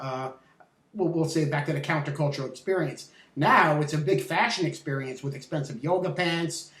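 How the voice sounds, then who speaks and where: A middle-aged host talks loosely and thinks aloud, stumbling into restarts and filler words. The voice sits at a middle pitch. It sounds set back from the microphone, with a roomy echo. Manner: rambling, with restarts and "uh". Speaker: interview host. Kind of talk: conversational interview. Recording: echoey, distant from the mic.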